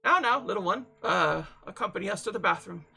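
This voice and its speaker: A courteous, genteel masked doctor from a horror game, as a streamer reads him aloud. He speaks in a formal, understanding way through a gravelly edge, over faint music. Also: medium pitch, sing-song, moderate pace, fairly bright tone. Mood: polite. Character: polite, well-spoken man in a plague doctor mask. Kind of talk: let's-play reading aloud.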